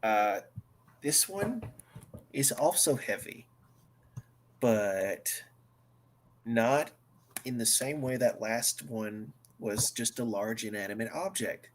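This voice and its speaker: A man narrating a tabletop game as game master, slow and halting with many fillers. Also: medium pitch, lively intonation, slight background noise.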